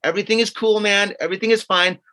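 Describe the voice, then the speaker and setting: Animated man telling a story. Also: high-pitched, fast. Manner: animated, acts out quotes of others with swearing. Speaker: podcast co-host. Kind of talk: casual storytelling.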